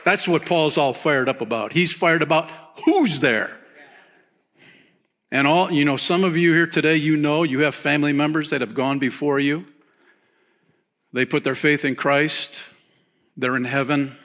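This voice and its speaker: Man, pastor, bright forceful tone, slightly high voice, animated casual sermon. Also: unhurried, pauses often. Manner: animated, rises high when excited, softens and drops low near the close; casual, peppered with "man" and "you know".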